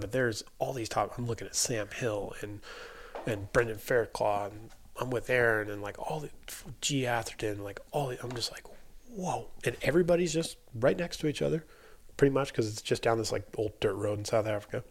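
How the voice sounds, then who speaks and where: A man's voice: mid-range voice, brisk, slight background noise. A man who works as a race mechanic, casually telling a story and acting out what people said, with lots of filler words. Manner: animated, acts out quotes, many filler likes. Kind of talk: casual storytelling in a podcast chat.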